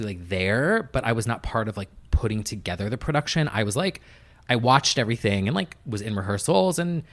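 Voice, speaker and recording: A young man chatting as a podcast guest, telling stories in a loose, filler-heavy way with lots of "like". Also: on the low side. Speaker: podcast guest, music producer. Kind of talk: casual interview chat.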